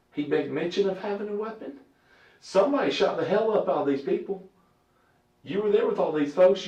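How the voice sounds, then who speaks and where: A man's voice: high voice, dark tone. A man interrogating a suspect as a police detective, blunt, confrontational and full of profanity. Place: interrogation room. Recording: echoey, muffled room recording from a distant mic.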